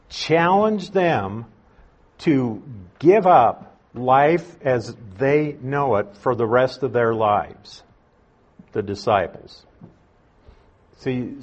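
Slow, husky-voiced male Bible teacher. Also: medium pitch. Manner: unhurried, conversational, explains and restates points. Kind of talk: verse-by-verse Bible study teaching.

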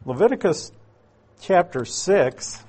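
Slow, husky-voiced male preacher. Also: high voice, animated, mellow. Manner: conversational, explains Greek words, asides to the listeners. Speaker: pastor. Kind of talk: expository sermon.

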